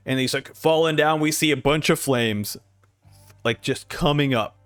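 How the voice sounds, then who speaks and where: A man's voice: mid-range voice, moderate pace, dry recording, soft background music. A man hosting a casual manga reaction, narrating panels and acting out the dialogue. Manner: animated, acts out dialogue. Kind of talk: casual commentary.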